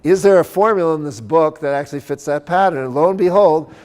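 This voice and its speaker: A man's voice: a little high, quick pace, a little mellow. A man lecturing at a conference on church music. He explains step by step, keeps checking in with "okay?", and breaks into short sung chant examples. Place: conference center.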